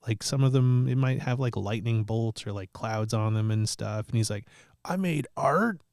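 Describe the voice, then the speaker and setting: A man's voice: lowish voice, normal speed, clear, resonant tone, dry recording, clean studio sound. A man hosting a casual chat show, telling stories with lots of laughter and the odd curse. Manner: animated storyteller, swears, laughs often. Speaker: podcast host.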